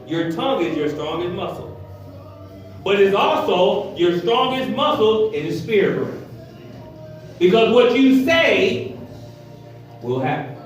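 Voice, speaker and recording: A pastor delivers an animated sermon in a high voice, acting out voices as he preaches. He stands far from the mic, and the hall around him rings with heavy echo. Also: unhurried, pauses often, soft background music. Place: church hall. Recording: echoey hall, heard from far.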